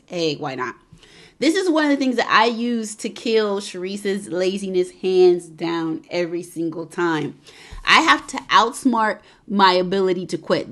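A woman hosting a casual motivational vlog and podcast, chatty and encouraging, laughing often as she shares tips with viewers. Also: fairly low pitch. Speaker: wellness vlogger and podcast host.

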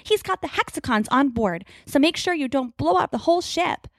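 A woman voicing a fierce, caring adult heroine who hollers orders and coos softly to animals. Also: high voice, expressive, brisk, no echo, clean studio sound, voice pushed up. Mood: urgent. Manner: hollering, then cooing softly.

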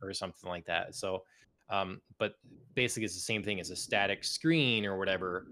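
A man with a somewhat low voice co-hosts a casual gaming podcast. He rambles easily, hedging and circling back with fillers as he talks. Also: brisk, pushed and bright, a little hiss or hum. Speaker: podcast co-host.

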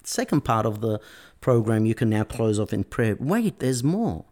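A man's voice: mid-range voice, big pitch swings, moderate pace, a little mellow. A man preaching a sermon, emphatic and stressing key words. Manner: emphatic, varying pace and stress.

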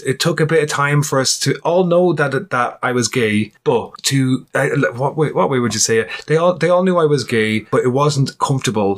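An Irish man in his late thirties, chatting as a podcast co-host. His voice sits at an ordinary middle pitch, and he tells his stories with plenty of energy. He laughs a lot and acts out other people's lines. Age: 30s. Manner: lively storyteller, laughs often and acts out quotes. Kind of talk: casual chat.

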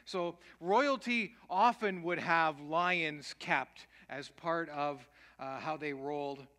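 A man's voice: fairly high pitch, takes it slowly, pushed and bright. A man preaching a sermon, mixing emphatic points with rhetorical questions and casual asides. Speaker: pastor.

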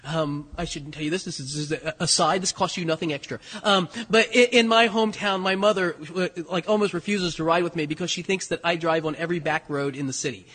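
Male preacher, sermon delivery, husky, echoing church hall. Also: a little high, fast talker, hardly any pauses. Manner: animated, rhetorical questions, voices quoted lines. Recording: long hall reverb.

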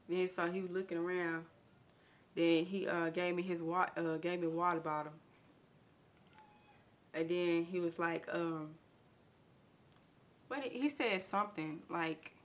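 A woman speaking in spins a personal story for her podcast, stacking up quoted back-and-forth with lots of "I said" and false starts. Her voice sits a little low but has a bright, sharp edge. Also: normal speed, long pauses. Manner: retells dialogue with many "I said" restarts, slangy. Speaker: podcast host. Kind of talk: casual storytelling.

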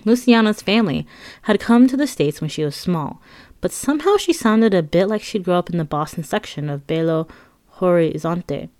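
A woman narrates her memoir in a candid, wry voice that sits a little low for a woman. She tosses in frank asides to the listener. The recording is close and dry. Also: animated, normal speed, darkish tone, no room sound.

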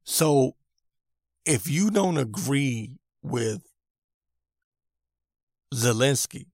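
A man in the middle of an irritated rant on his own podcast, hammering his points home and saying them again and again. His voice sits at an ordinary middle pitch. The sound is close and dry, with no room echo. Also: expressive, extremely slow, a little mellow. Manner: irritated, emphatic, repeats himself. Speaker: podcast host. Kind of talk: opinion rant monologue.

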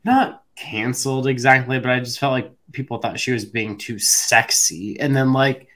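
A young man with a mid-range voice chats easily about celebrities and TV. His sentences trail off into soft filler words as he thinks. The tone is relaxed and unscripted. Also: mid-range voice, moderate pace. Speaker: podcast co-host. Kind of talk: casual pop culture chat.

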